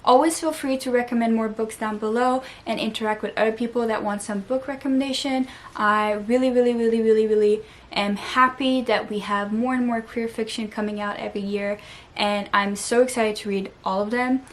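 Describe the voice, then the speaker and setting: Woman, book vlogger, casual vlog chat, slightly high voice, gushing, says "like" a lot. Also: steady tone, fairly quick. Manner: chatty, gushing, peppered with "like"; earnest and openly emotional.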